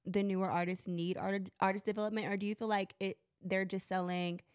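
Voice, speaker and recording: A woman's voice: mid-range voice, little pitch movement, brisk, clean tone. A woman podcast host with a mid-range voice. She asks questions in a chatty, casual way and uses a lot of slang. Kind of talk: casual interview chat.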